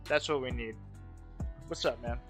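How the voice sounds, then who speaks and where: A man's voice: medium pitch, a little slow, a bit bright, soft background music. A man hosting a casual livestream, talking bluntly with lots of swearing and repeated phrases. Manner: blunt, profane, repeats himself. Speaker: livestream host.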